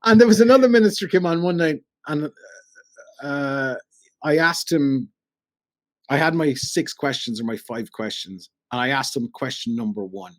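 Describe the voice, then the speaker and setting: A middle-aged man with a Cork Irish accent, a radio broadcaster telling animated anecdotes in a casual chat and acting out the voices he quotes. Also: medium pitch, normal speed. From Ireland. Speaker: podcast guest, radio broadcaster.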